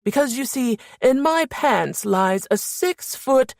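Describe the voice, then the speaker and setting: A woman's voice: on the low side, moderate pace, creaky, darkish tone, dry recording, studio quality. A woman doing a cocky wisecracking security chief. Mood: mock grand. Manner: teasing, showy, puts on a mock English accent. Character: cocky joking young man, head of security.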